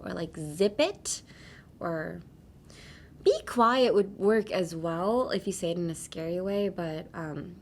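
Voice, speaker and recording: Chatty woman hosting a language lesson. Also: on the low side. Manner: chatty, explains phrases with many "like" and "um" fillers; switches between English and Japanese. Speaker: English lesson podcast host. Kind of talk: casual teaching chat.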